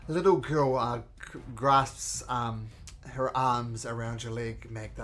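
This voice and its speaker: A man narrating as game master in a tabletop game, describing attacks and rolls in a lively way. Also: mid-range voice, a little slow. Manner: lively, voices monsters and reads out rolls. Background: background music.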